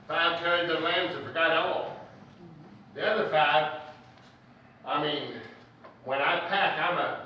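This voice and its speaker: A male preacher with a slightly high, pushed and bright voice jokes his way through a folksy sermon, spinning stories in a conversational style. Recorded in a church hall, the sound is distant, echoey and dull, with slight background noise.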